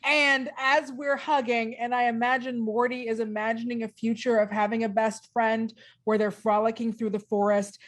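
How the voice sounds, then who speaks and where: A woman improvising as a player in a tabletop game, spinning a playful scene in quick bursts. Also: fairly high pitch, level tone. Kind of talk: improvised tabletop role-play.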